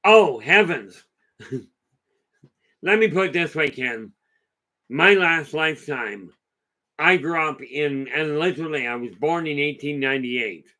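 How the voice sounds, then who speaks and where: A man's voice: a little high, animated, slow, pauses often, sharp tone. A man hosting a casual live talk, telling a long story in a rambling, chatty way and answering viewer comments. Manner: rambling, chatty, with many restarts and asides. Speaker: host.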